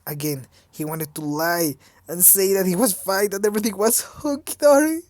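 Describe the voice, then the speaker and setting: A woman's voice: fairly low pitch, expressive, moderate pace, few pauses, darkish tone, no room sound. A woman reading a fan story aloud in a casual way. She stumbles over words and breaks off to mock her own reading. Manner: stumbling, laughing, self-mocking. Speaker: fanfic reader.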